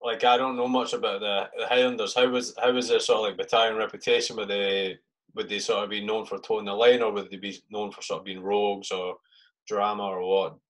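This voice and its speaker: A man's voice: fairly low pitch, level tone, a little fast, poor audio. A man hosting a podcast, asking questions and sharing his own army experiences in a laid-back, casually swearing way. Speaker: podcast host. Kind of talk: casual interview chat.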